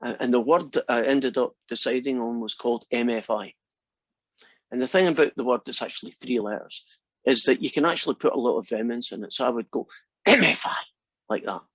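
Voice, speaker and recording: A man's voice: medium pitch, quick pace, dry recording. Rambling man telling a story. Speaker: college math instructor. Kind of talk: anecdote told in class. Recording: dull, dry lo-fi classroom recording.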